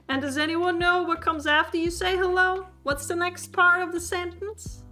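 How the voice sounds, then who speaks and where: Lady streamer, high bright voice, giggles a lot while teaching, faint music behind. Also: level tone, measured pace. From Sweden. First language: Swedish. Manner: giggly, laughs often, playful and chatty with chat. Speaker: streamer teaching a language class. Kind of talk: livestreamed language lesson.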